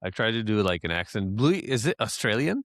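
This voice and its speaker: A man's voice: fairly low pitch, very animated, fairly quick, a bit bright, dry recording, studio quality. A man co-hosting a casual podcast, easygoing and laughing along with the others. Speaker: podcast co-host, father.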